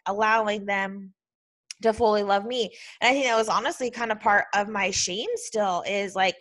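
A woman hosting a podcast tells a personal story, her mid-range voice fairly bright. She's heartfelt and emotional and says "like" constantly.

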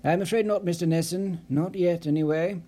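A cold, authoritative investigator who gives orders and expects obedience, as voiced by a male audiobook narrator. His delivery is clipped and unsympathetic, and his voice is a touch high with a mellow tone. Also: steady tone, brisk. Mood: stern. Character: stern, commanding male investigator. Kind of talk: audiobook character voice.

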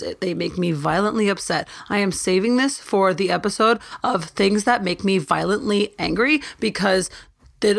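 A young woman hosting a casual solo podcast, ranting in an animated, self-interrupting way. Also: mid-range voice. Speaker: podcast host.

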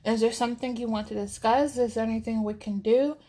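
A woman reading as a gentle young boyfriend. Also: a little high, steady tone, brisk, natural voice. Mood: reassuring. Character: caring young man, steady boyfriend.

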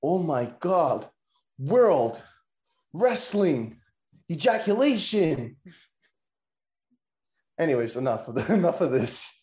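A man hosting a podcast, joking loudly and swearing in crude, excitable banter. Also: a little high, takes it slowly, pauses often, reverberant. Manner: loud, joking, profane, excitable. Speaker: podcast host. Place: room recorded in person.

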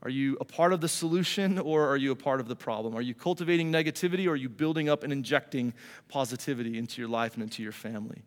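A man's voice: mid-range voice, quick pace, big-room sound. A pastor giving a sermon to his congregation in an earnest, conversational way, often repeating words as he goes.

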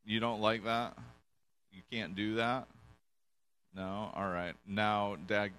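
Low-voiced pastor with a bright edge. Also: male voice, takes it slowly, clean tone. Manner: relaxed, joking, with frequent restarts. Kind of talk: casual sermon with audience volunteers. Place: church in front of a congregation.

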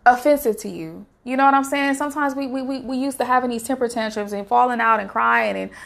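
A woman with a fairly high voice gives a casual devotional talk to her viewers. She speaks earnestly and urges them on the way a preacher would. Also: quick pace, creaky, fairly bright tone. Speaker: faith vlogger sharing a devotional message.

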